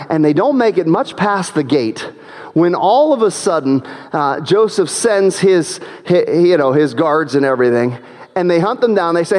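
High-voiced preacher in a reverberant hall. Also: male voice, expressive, normal speed, a little mellow. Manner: dramatic storytelling, acts out quoted characters. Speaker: pastor. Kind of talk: sermon.

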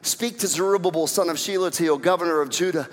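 A man preaching a sermon as pastor, conversational and animated, asking the congregation rhetorical questions. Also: on the high side, fairly quick. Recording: reverberant hall.

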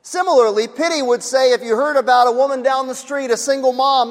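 Male pastor, very high voice, sermon delivery with repeated phrases, long hall reverb. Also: fairly quick, few pauses. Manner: repeats key phrases, acts out sighing bystanders.

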